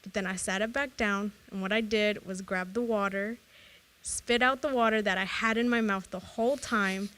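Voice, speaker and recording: Young female podcast co-host, mid-pitched, animated and giggly. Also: moderate pace. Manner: animated storyteller, laughs often. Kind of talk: casual chat.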